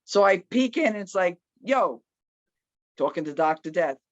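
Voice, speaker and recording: A woman telling a personal story in a casual, loud and animated way, acting out the people she quotes. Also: lowish voice, a little slow, no room sound. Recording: slightly muffled, dry.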